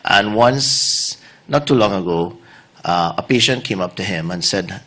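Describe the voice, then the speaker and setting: A man's voice: low-pitched, lively intonation, measured pace, fairly bright tone. A middle-aged man, a surgeon giving a conference talk in a loose, anecdotal way and quizzing the audience. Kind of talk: conference presentation.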